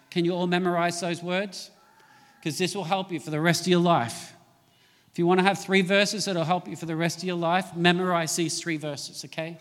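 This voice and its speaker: Pastor guy preaching, kinda high voice, pushes hard on the big points, church hall echo. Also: fairly bright tone. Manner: emphatic preaching, rising in pitch and volume on key points. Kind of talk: sermon.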